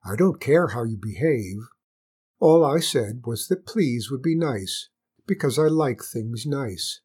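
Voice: mid-range voice, animated, slow pace, darkish tone, husky. A storyteller voicing a magic hare who speaks mildly and reasonably. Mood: calm. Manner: mild and reasonable. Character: calm, polite magic hare.

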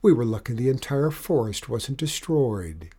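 Man as mother dragon, stern, caring, lecturing, mellow voice. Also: mid-range voice, very animated, unhurried, husky.

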